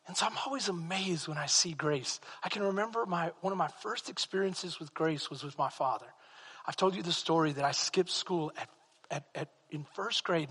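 A male pastor with a high, bright voice, preaching in a church hall with a long reverb. He tells stories softly, then builds to loud, excited calls to the crowd. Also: slightly rough. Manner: swings from hushed storytelling to loud excited preaching. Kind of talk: sermon with personal stories.

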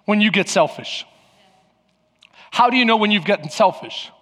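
A man preaches from the pulpit in a strikingly high, bright voice. He hammers his points with repetition and sudden shouts, and slips into playful scenes. The sound rings with the long echo of a large hall. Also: lively intonation, moderate pace. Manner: emphatic and repetitive, with bursts of shouting; playful, acts out little scenes. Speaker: pastor. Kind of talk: preaching a sermon.

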